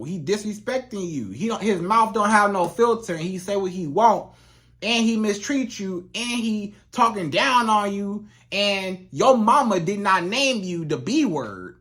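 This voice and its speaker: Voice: medium pitch, fairly bright tone. A relationship coach giving casual, emphatic advice straight to the viewer, repeating points for stress. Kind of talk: casual advice monologue to camera.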